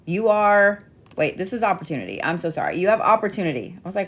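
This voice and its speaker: Here a middle-aged tarot and zodiac reader talks fast in a fairly low, sing-song voice while running through her casual weekly zodiac card reading. She's playful and talkative, teasing as she goes and cursing a lot.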